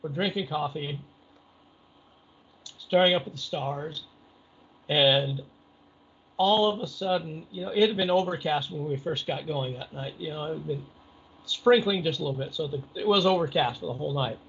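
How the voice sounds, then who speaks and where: A middle-aged man recounting a story in a loose, rambling way, with lots of "you know" and "uh". His voice is gravelly and husky, a little higher than most men's. The audio is dull and lo-fi. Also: moderate pace, long pauses, a bit bright. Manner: rambling, conversational, many fillers. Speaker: interview guest. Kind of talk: casual storytelling.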